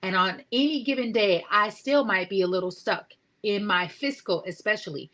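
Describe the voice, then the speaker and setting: A woman in her forties hosting a motivational talk show, speaking with excited energy and asking her listeners rhetorical questions. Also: mid-range voice, moderate pace, low-quality recording. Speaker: host.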